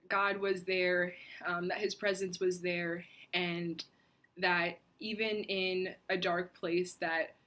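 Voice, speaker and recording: A woman's voice: lowish voice, flat delivery. Earnest young woman telling a faith story. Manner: earnest, reflective, with soft pauses and fillers. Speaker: faith vlogger. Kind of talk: personal storytelling.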